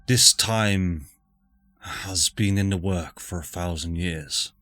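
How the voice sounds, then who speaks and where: A man's voice: low-pitched, a bit bright, dry recording. A man voicing a grave, weary woman leader. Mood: solemn. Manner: grave, measured pleading.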